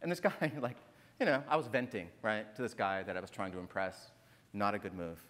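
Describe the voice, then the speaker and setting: A man's voice: on the low side, brisk, fairly bright tone. A man from northern Minnesota, an author at a literary festival, telling a personal story on stage in an earnest, emphatic way, often tagging his points with "right?". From northern Minnesota, USA. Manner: earnest, emphatic, repeats phrases and tags "right?". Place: large hall on stage. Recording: reverberant lecture hall.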